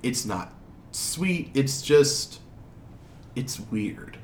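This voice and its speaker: Slow, lively-voiced male game master. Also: mid-range voice, distant mic. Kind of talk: narrating a tabletop game. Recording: roomy, noisy.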